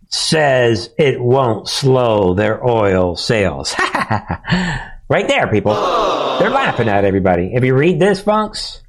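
Slow, lively-toned sarcastic male host. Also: mid-range voice. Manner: chuckling, sarcastic, conversational. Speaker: commentary show host. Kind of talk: political commentary monologue.

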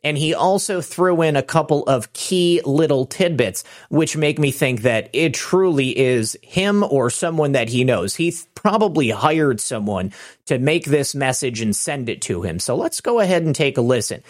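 A man's voice: medium pitch, lively intonation, normal speed. A man hosting opinionated political commentary, sarcastic and indignant. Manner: sarcastic, indignant, chuckling asides.

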